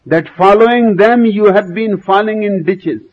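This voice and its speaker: Man, spiritual teacher, raspy voice, slow rhetorical questions, lecture. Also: high voice, dull audio.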